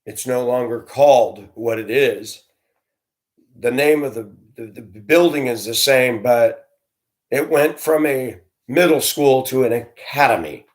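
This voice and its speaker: A man's voice: mid-range voice, measured pace. A middle-aged man, a former school bus driver, telling a personal story in a conversational way and speaking straight to his listeners. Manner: conversational, addresses listeners directly, acts out dialogue in his telling.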